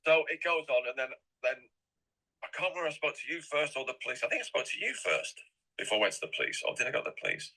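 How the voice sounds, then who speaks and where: Middle-aged English man, interview guest, bright and husky tone, rambling and repetitive. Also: mid-range voice, big pitch swings, fast talker, poor audio.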